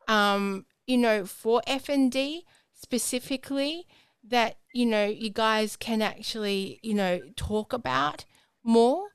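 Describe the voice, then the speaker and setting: A woman's voice: on the high side, clean tone, no echo. An Australian woman hosting a podcast in casual, chatty talk, filling her sentences with "um" and "you know". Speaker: podcast host.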